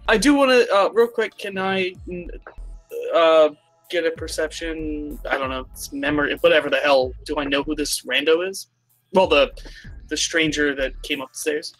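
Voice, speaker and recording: A man playing a tabletop horror game, asking for rolls and cursing at bad results in a quick, expressive way. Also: on the high side, no echo, soft background music. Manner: swearing, expressive, quick asides. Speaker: player.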